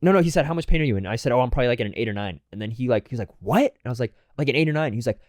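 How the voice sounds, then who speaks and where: Young man, podcast co-host, rapid-fire rambling anecdote, low voice, dry room. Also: lively intonation, darkish tone, no echo. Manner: rambling, filler-heavy anecdote with acted quotes. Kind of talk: casual storytelling chat.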